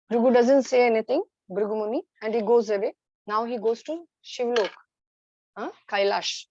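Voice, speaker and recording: A woman's voice: a little high, normal speed, darkish tone, no echo, muffled recording. A woman teacher telling a story to children in an online class, hesitant with many fillers.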